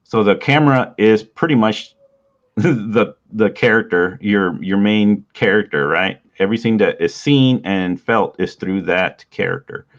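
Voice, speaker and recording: A man with a low, deep voice teaches in a loose, casual way, chuckling now and then. His nose is stuffy, and the recording sounds dull and lo-fi. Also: unhurried. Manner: relaxed, rambling, laughs often. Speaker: writing podcast host.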